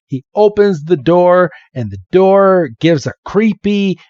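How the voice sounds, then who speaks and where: A man's voice: high-pitched, slow pace, no echo. A man hosting a podcast, casually retelling a comic and acting out the characters. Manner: animated, acts out the characters. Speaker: podcast host. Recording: slightly dull, dry recording.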